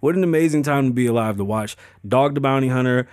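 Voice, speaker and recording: A man's voice: mid-range voice, fast talker, a little mellow, no echo, studio quality. A man hosting a podcast, riffing on news in a casual, profane, joking way. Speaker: podcast host. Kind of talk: casual commentary.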